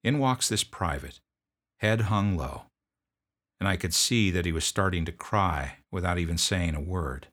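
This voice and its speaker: Gruff former drill sergeant storyteller. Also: male voice, low-pitched, animated, a little slow, fairly bright tone. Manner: gruff, barking commands when quoting himself. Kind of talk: storytelling narration.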